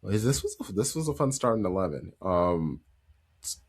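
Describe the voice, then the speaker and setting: Deep guy hosting a football podcast, chatty, laughs a lot. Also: sing-song, normal speed, slightly rough. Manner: chatty, laughs easily, lots of fillers. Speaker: podcast host. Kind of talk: casual football chat.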